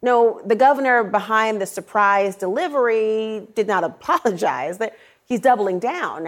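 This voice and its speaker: A middle-aged woman anchoring an evening news show, pointed and sarcastic, stretching key words for emphasis. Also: medium pitch.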